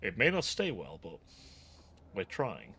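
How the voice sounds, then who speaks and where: A man's voice: low-pitched, huge pitch swings, unhurried, bright, forceful tone, slightly rough. Chatty British man streaming a game. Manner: chatty, thinks aloud, self-interrupting. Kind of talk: live gameplay commentary.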